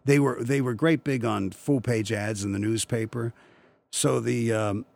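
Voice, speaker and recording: A man's voice: medium pitch, steady tone, a little slow, creaky, a little mellow. A man in his seventies from Western Pennsylvania, a voice actor telling rambling, chuckling stories in an interview. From Western Pennsylvania, USA. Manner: rambling storyteller, chuckling, many restarts. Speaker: voice actor guest. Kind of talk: anecdotal interview chat.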